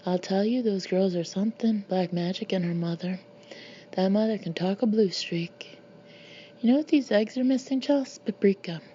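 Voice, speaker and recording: A blunt old dad who orders everyone around and never notices how he comes across, read by a woman. He speaks in a warm, low-key tone, gruff and matter-of-fact. The recording is slightly muffled, with faint hiss behind it. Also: normal speed, lightly acted. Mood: chatty. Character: blunt old father, bossy and oblivious.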